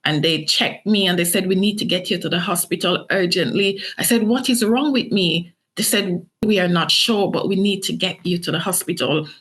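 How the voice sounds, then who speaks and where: This middle-aged Jamaican author talks briskly with hardly any pauses, her lowish voice a bit bright. As an interview guest she shares her own story with earnest emotion, acting out what people said.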